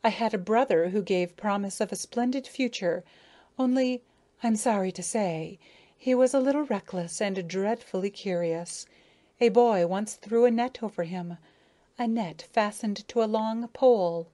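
A woman voicing a grieving, self-important female dragonfly who tells her tale slowly, mournfully and dramatically. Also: medium pitch, dark tone, close to an everyday voice. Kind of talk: audiobook character reading.

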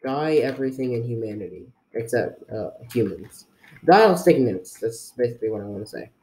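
A man's voice: mid-range voice, lively intonation, brisk, a little mellow. A young man giving rambling, jokey gameplay commentary to his viewers while putting on an unplaced accent for fun. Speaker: gaming video creator.

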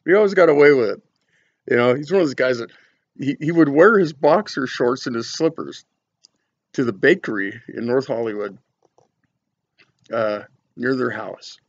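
A man's voice: mid-range voice, vocal fry, husky, muffled recording. A man reviewing cigars on his vlog, chatting casually and telling rambling, folksy stories full of fillers.

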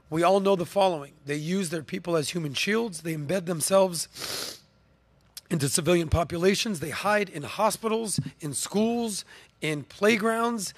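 A man's voice: high-pitched, a bit bright, dry recording. A man hosting a podcast, giving emphatic opinion commentary with rhetorical questions and the odd cough. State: coughing, throat clearing. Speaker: podcast host. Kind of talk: opinion commentary, talking to camera and co-host.

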